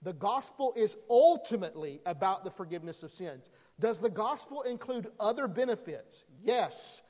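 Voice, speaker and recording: A man preaching a sermon as a pastor, animated, acting out crowd dialogue as he teaches. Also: high voice, moderate pace. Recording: long hall reverb.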